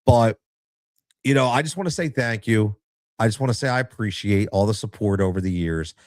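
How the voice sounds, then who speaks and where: A man's voice: lowish voice, brisk, darkish tone, dry recording, clean studio sound. A man hosting a podcast, telling a story in a casual, emotional way and often tossing in "man" and "right?". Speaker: podcast host.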